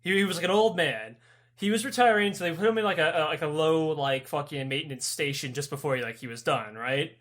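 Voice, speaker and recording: A young man with a notably high voice swaps crude, lively stories on a podcast. He swears constantly and jumps into voices for the people he describes, keeping the talk loose and animated. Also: quick pace. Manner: profane, animated storytelling with voiced characters. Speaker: podcast co-host. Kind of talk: casual chat.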